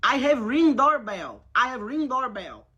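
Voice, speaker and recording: A woman's voice: fairly high pitch, big pitch swings, measured pace, bright, forceful tone, slightly rough, heavily acted. A woman making a prank call, putting on a thick, odd foreign accent and broken grammar as a pushy neighbor who keeps saying "honey." Her voice stays insistent throughout.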